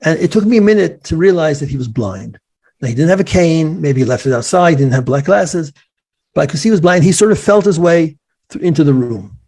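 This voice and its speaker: Gravelly man telling a personal story. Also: fairly high pitch, expressive, a little mellow. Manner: earnest, halting with restarts. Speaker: interview guest.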